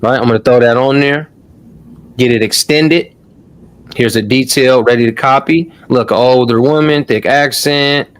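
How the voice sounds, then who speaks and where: A man's voice: mid-range voice, unhurried, clear, resonant tone. A man hosting a casual live-stream tutorial, talking loosely to his audience, swearing now and then and calling them "y'all". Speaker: online course host.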